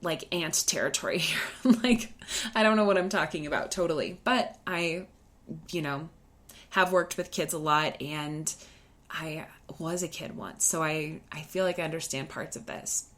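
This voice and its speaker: A young woman with a slightly low voice tells a personal story on her podcast. She talks casually, leaning on "like" and restarting her sentences as she goes. The feel is loose and conversational, never scripted. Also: a bit bright. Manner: chatty, full of "like" and quick restarts. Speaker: podcast host.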